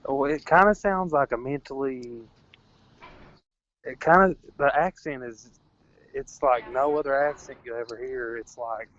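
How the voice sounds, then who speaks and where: A man's voice: medium pitch, measured pace, a bit bright, muffled recording. A man as a guest in a casual chat over a call, rambling and leaning on fillers.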